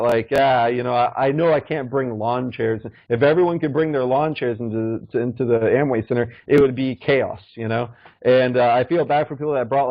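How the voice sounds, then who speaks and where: A man rambles through a story in a loose, profane way, padding nearly every phrase with fillers. His voice sits at an ordinary middle pitch, heard dry and close with little room sound. The recording is dull and lo-fi. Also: dry recording. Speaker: podcast guest. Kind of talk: casual storytelling.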